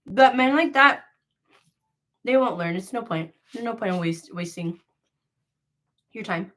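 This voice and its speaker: In an expressive, slightly bright voice of medium pitch, a young woman unhurriedly chats through her crochet live sale. She rambles, gossips frankly, and uses plenty of filler words, especially "like."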